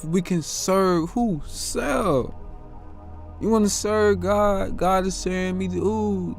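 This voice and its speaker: Earnest man musing aloud over music. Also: high-pitched. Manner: earnest, self-questioning, drawn-out musing. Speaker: host. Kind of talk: reflective motivational monologue.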